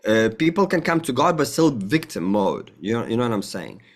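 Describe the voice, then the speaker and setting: A man's voice: sing-song, brisk. A man talking as an interview guest about spirituality. He rambles and restarts, swears casually, and acts out little dialogues in a raised voice. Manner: rambling and emphatic, with frequent profanity; acts out dialogue with a jumpy, higher voice. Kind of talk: conversational interview, spiritual talk.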